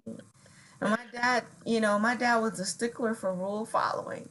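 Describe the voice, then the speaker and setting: A middle-aged woman co-host chats casually, telling stories and acting out what people said. Her slightly high voice is fairly bright, with fairly even intonation and a normal pace. The recording is rough.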